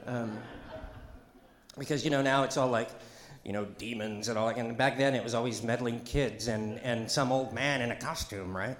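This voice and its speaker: A man's voice: medium pitch, fairly even intonation, normal speed, reverberant. Chatty middle-aged male pastor preaching. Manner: chatty and joking, with asides and call-and-response. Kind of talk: conversational sermon. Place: church sanctuary.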